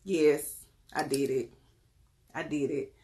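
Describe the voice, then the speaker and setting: A woman with a slightly low-pitched voice chats casually with her viewers. She speaks in a lively, familiar way and laughs easily. She addresses the audience directly and keeps the talk warm and conversational. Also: slow pace. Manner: chatty, lively, often laughing; talks straight to the audience. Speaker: wellness vlogger.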